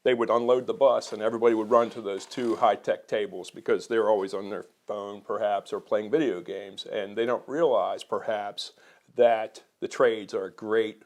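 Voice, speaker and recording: A business co-owner from Maryland talking earnestly as an interview guest, measured and a little halting. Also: male voice, fairly low pitch, steady tone. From Maryland, USA. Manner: measured, earnest, repeats words when restarting. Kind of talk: conversational interview.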